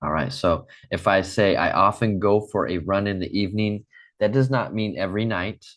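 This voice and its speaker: A man teaching an English lesson online, speaking slowly and patiently, modelling phrases for students to repeat. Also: deep voice, a bit bright.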